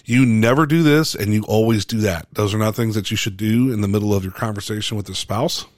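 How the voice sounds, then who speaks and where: A man, a pastor, giving a casual church talk in a relaxed way, halting often with fillers and restarts. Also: lowish voice, no echo, studio quality.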